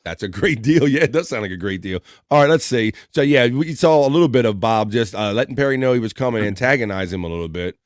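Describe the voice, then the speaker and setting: A man's voice: mid-range voice, lively intonation, quick pace, hardly any pauses, no room sound, clean studio sound. A man hosting a live stream in a rambling, laid-back way, chatting casually and chuckling as he goes. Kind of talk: casual chat.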